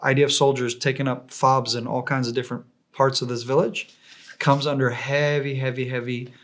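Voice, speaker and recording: A man from Israel casually telling combat stories as an interview guest, animated and acting out the voices of the people he quotes. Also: mid-range voice, a little fast. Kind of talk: casual war storytelling.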